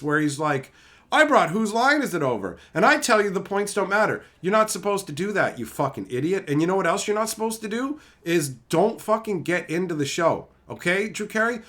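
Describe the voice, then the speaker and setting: High, bright-voiced man ranting profanely. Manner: profane, mocking, swings into shouting rants. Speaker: streamer. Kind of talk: casual livestream rant.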